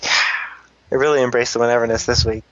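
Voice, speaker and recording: A man co-hosting a podcast, reading listener comments with quick, exasperated jokes. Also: mid-range voice, little pitch movement, no echo. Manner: joking, exasperated, quick asides. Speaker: podcast co-host. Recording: dull lo-fi podcast audio.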